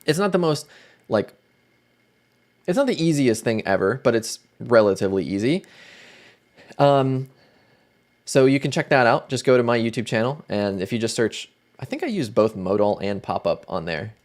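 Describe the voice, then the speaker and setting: A man hosts a relaxed livestream from his desk mic. His voice sits at a middle pitch, and he chats loosely with viewers, greeting them by name. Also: normal speed, long pauses. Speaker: livestream host. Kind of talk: casual livestream chat.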